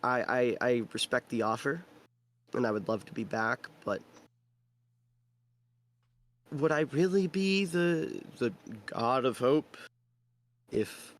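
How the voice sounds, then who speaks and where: A man's voice: mid-range voice, measured pace, lightly acted. A man voicing a weary male hero who has become the god of hope, speaking in a stammering, heartfelt way. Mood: resolute.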